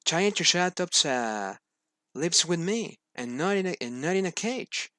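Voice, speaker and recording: A worried little boy in a children's story, read out by a man. The voice sits somewhat high and stumbles with fillers. The sound is close and dry. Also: lively intonation, normal speed, fairly bright tone, no room sound. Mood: pleading. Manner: hesitant reading with fillers. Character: worried little boy who lost his toy.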